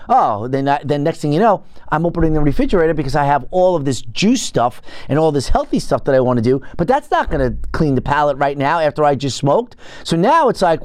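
A man's voice: fairly high pitch, a little fast, no echo, studio quality. A middle-aged man hosting a podcast, telling a self-mocking story in a casual monologue and acting out the quoted lines. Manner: animated, self-mocking, acts out quoted dialogue. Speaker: podcast host.

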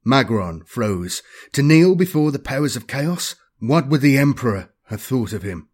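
A man giving a measured, dramatic scripted audiobook narration. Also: medium pitch, very animated, a little mellow.

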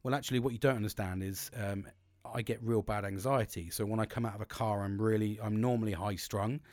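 Bloke podcasting, chatty and sweary, keeps restarting sentences, dry close mic. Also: male voice, on the low side, steady tone, fairly quick, a little mellow, dry recording. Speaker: podcast host. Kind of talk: casual monologue on coping and mental health.

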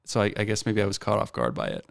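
A man's voice: on the low side, lively intonation, fast talker, vocal fry, no room sound. A man chatting as a guest on a podcast in a studio, stammering and restarting often with a self-deprecating manner. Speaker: podcast guest, meme page creator. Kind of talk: casual chat. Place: studio, in headphones. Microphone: studio mic with headphones.

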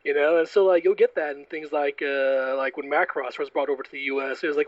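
A man's voice: fairly high pitch, fast, hardly any pauses, no echo. Rambling man on a dull lo-fi mic. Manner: rambling, animated, many "like" fillers. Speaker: podcast co-host. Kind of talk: casual chat.

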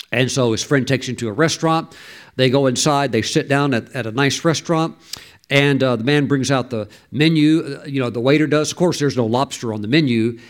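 A man preaching a sermon, telling a story and breaking into exclamations and calls for amen. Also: mid-range voice.

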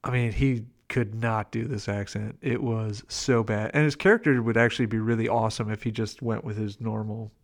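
At a normal speed with few pauses, a man with a fairly low, fairly even voice co-hosts a relaxed podcast about a film. He drops into playful impressions when quoting its lines.

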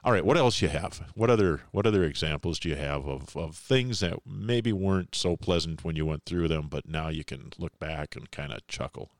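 A middle-aged man co-hosting a podcast in casual chat, telling stories in an animated way and laughing often. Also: extremely low pitch, normal speed, hardly any pauses, no room sound. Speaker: podcast co-host.

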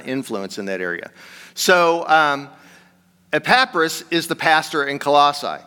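A man's voice: a little high, sharp tone. A man giving a conversational sermon as pastor, rambling through a Bible passage with many fillers. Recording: reverberant hall.

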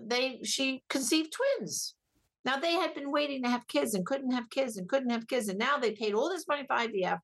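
An emphatic, animated middle-aged woman talking on a radio show, her voice slightly husky and pitched a touch high. She presses her points hard, often repeats them, and moves from storytelling to firm moral argument. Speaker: guest, pro-life ministry director. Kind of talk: radio talk show interview.

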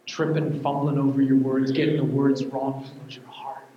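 A man's voice: mid-range voice, level tone, moderate pace. A man preaching a sermon, repeating key words and building to fervent, almost sung emphasis. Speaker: pastor. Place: church. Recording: echoey hall, dull sound.

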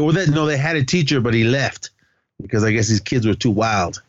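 A man's voice: fairly low pitch, lively intonation, normal speed, dry recording, highs cut off. A man co-hosting a podcast, recapping a film's plot casually, rambling and correcting himself with lots of fillers. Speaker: podcast co-host.

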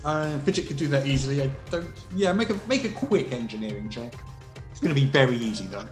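A man narrating as game master of a tabletop role-playing game, telling the story in a relaxed, rambling way. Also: mid-range voice, fast talker. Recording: roomy echo, faint music.

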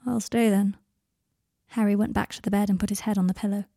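Mellow woman narrating a story. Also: mid-range voice, little pitch movement, rapid-fire, no echo, studio quality. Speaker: audiobook narrator. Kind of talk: fan fiction audiobook narration.

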